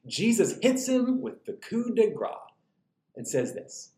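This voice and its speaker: Animated man preaching in a roomy space. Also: high voice, unhurried. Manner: animated, humorous, conversational preaching. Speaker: pastor. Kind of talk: sermon. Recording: roomy echo.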